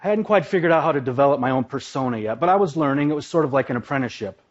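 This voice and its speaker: Speaking very fast with lively intonation and a mid-range voice, a Minnesota man who used to wrestle professionally dramatizes his own story in a live stage talk. The live recording sounds dull and lo-fi.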